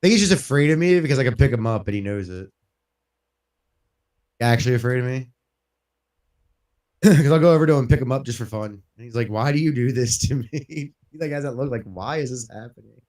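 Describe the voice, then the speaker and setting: A man in the middle of a casual let's-play, talking loosely and rambling, with plenty of swearing and laughter. His pitch sits in the ordinary middle range for a man. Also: expressive, fairly quick, long pauses, darkish tone. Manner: rambling, profane, laughs often. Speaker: gaming streamer.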